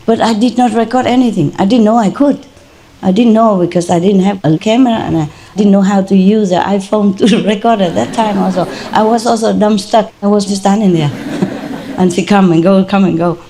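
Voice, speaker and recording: A woman's voice: mid-range voice, steady tone, a little fast, warm tone. An older woman with a Vietnamese accent, a native speaker of Vietnamese, telling a personal story in an informal spiritual talk and laughing often. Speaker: spiritual teacher.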